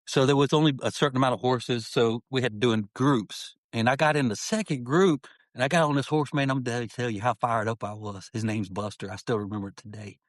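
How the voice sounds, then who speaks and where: A man's voice: mid-range voice, no echo. A middle-aged man telling his life story as a podcast guest, earnest and heartfelt, often saying "man" as he talks. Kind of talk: personal storytelling in an interview.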